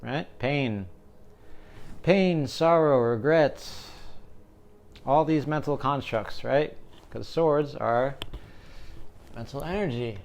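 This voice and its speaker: A man's voice: medium pitch, fairly even intonation, unhurried, gravelly, pauses often, a little mellow, slight background noise. A young man giving a casual tarot reading, joking and rambling, often checking in with "right?". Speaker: tarot reader.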